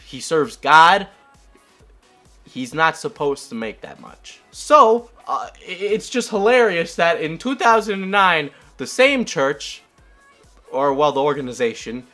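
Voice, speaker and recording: A man's voice: sits high, pushed and bright. Sarcastic guy rambling through a commentary video, bouncy up and down delivery, self-mocking. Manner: self-deprecating asides. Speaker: YouTube commentator. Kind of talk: comedic commentary.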